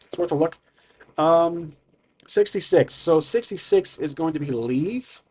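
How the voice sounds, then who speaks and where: A man's voice: a little high, lively intonation, measured pace, breathy edge. A man casually talking through a solo tabletop game, rambling with fillers and tangents.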